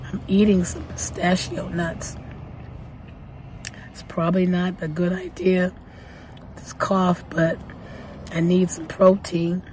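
Low-voiced woman vlogging, hoarse with a cold. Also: level tone, slow, long pauses, a little mellow, slight background noise. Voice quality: weak, partly whispering voice. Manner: chatty, thankful, self-correcting. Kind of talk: casual vlog talk. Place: parked car.

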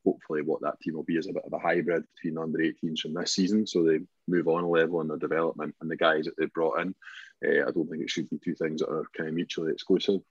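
A man's voice: a bass voice, little pitch movement, quick pace, slightly rough, dry recording. A Scottish man co-hosting a football podcast in casual chat, thoughtful and hedging, often restarting his phrases. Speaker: podcast co-host. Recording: dull lo-fi podcast audio.

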